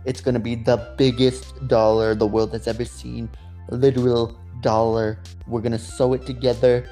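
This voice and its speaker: A man's voice: medium pitch, flat delivery, moderate pace, mellow, soft background music, natural voice. A man putting on a grandiose older male politician, making bragging promises.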